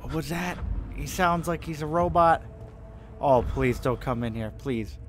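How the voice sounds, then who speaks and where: Young male gamer, horror playthrough, jittery pleading and swearing; slightly high, slow talker. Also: slight background noise. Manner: jumpy, swears, pleads and jokes at the game. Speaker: gaming channel host. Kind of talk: horror game let's play commentary.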